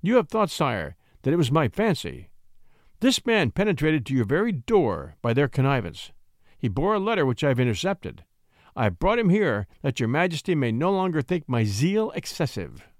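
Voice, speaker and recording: A man's voice: fairly high pitch, sing-song, normal speed, no room sound, clean studio sound. A man voicing a stern duke with a harsh voice in a classic story.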